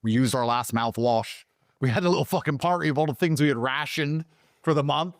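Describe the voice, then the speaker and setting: A man's voice: fairly quick, dry recording, clean studio sound. Profane, emphatic man telling a story. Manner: swears constantly, animated and emphatic; voice jumps higher when excited. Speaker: interview guest.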